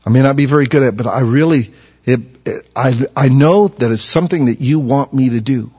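A man's voice: medium pitch, fairly quick, darkish tone, husky. A man preaching a sermon, reading scripture aloud and building to fervent emphasis. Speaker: pastor. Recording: dull lo-fi recording.

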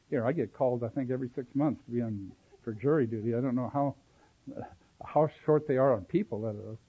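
A man's voice: a little high, slightly rough. A man teaching a Bible study lecture, explaining at length, drifting into side notes and correcting himself as he goes. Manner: explanatory, digressive, self-correcting. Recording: tinny phone-like sound.

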